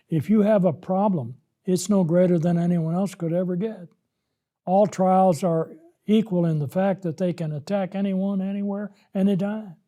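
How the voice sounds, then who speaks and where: A man's voice: high-pitched, warm tone. A man preaching a Bible lesson, acting out the scripture in the first person as he explains it. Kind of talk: sermon-style Bible lesson.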